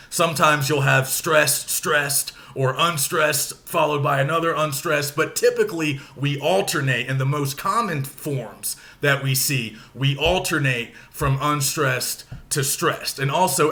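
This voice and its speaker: A man's voice: on the high side, sharp tone. A man teaching a recorded lecture, explaining step by step in a casual way with fillers.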